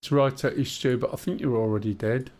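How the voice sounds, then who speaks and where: A man's voice: mid-range voice, steady tone, brisk, a little mellow. Chatty man streaming a flight sim. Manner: chatty, teasing, with hesitant fillers. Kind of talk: casual live-stream chat while calling out targets.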